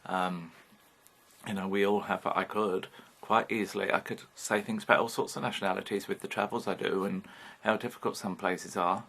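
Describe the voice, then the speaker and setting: A man's voice: deep voice, steady tone, normal speed, vocal fry, fairly bright tone, husky. A British man in his fifties talking frankly in a rambling personal vlog, swearing casually as he goes. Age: 50s. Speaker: vlogger. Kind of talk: candid personal vlog monologue.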